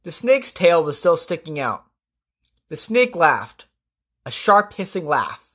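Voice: medium pitch, big pitch swings, slow pace, pauses often, fairly bright tone, slightly rough. A podcast storyteller retelling legends, breaking in with casual asides to the listener. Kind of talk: storytelling narration.

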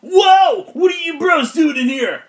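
A man voicing a dim, laid-back surfer-dude monster chef who talks in loud, high surfer slang. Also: animated, measured pace, slight background noise. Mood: excited.

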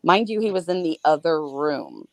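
A woman podcast co-host recounting a personal experience in a candid, animated way, laughing now and then between grim details. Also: deep voice, normal speed, no room sound.

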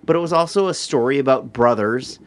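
A man's voice: medium pitch, brisk. A man hosting a podcast, chatting casually and enthusiastically, often restarting his sentences. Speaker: podcast host. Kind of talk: casual chat.

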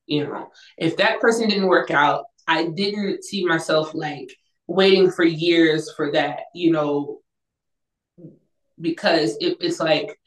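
Young adult woman, low register, lively storyteller. Recorded roomy and off-mic. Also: recorded from a distance. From Northern California. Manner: animated storyteller, acts out quoted voices, laughs often. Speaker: interview guest, singer-songwriter. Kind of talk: casual storytelling interview.

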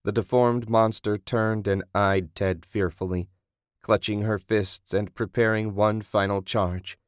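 A man with a low voice reads a gory horror story in a steady, measured way. The recording is dry and close, with no room sound. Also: clear, resonant tone, no room sound. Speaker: narrator. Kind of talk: scripted horror audiobook narration.

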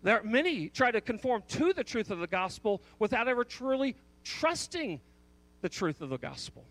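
High-voiced man preaching a sermon. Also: very animated, normal speed, a bit bright. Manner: emphatic, repeats the key question, frequent restarts. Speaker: pastor.

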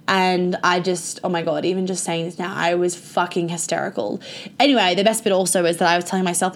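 A woman's voice: lowish voice, level tone, quick pace. A young woman telling a personal story to her viewers in a casual, chatty way, full of "like" and frequent swearing. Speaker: vlogger.

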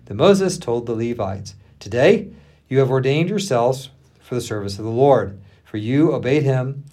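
Husky-voiced male pastor reading aloud. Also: medium pitch, normal speed. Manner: expressive reading, acting out the quotes with laughs between. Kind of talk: reading scripture aloud with asides.

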